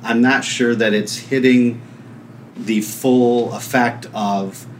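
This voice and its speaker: A man on a podcast panel, talking through ideas in a measured, analytical way. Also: medium pitch, steady tone, a little hiss or hum. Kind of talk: casual podcast discussion.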